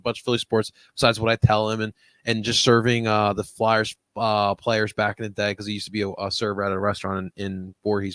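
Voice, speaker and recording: Man, mid pitch, dry close mic, energetic recounting, sports podcast. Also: fast, no echo. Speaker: podcast co-host. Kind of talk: casual sports podcast chat.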